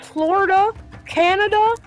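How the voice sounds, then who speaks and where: A woman's voice: extremely high pitch, measured pace. A young woman hosting a gaming channel, chatting to viewers in a rambling, playful way with many fillers. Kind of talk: casual chat to viewers.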